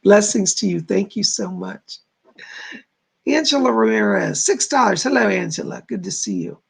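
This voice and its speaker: A man's voice: high voice, very animated, normal speed, gravelly, breathy edge. A man hosting a live stream as a psychic medium, reading viewers' comments aloud and passing on spirit messages in an informal way. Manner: informal, repeats "I gotta tell you".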